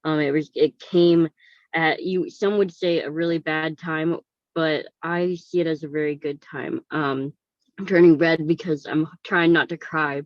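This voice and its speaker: A woman's voice: low voice, steady tone, unhurried, no room sound. Hesitant woman on a muffled video call. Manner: hesitant, many fillers, emotional. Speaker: book co-author.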